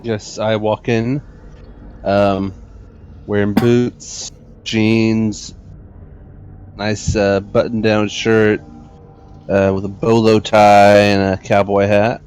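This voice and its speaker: A man playing an investigator in a tabletop role-playing game, speaking slowly with pauses and fillers. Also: lowish voice, flat delivery, a little mellow, clean tone. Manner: slow, halting, with fillers. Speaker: player. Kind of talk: in-character tabletop role-play. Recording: noisy voice chat.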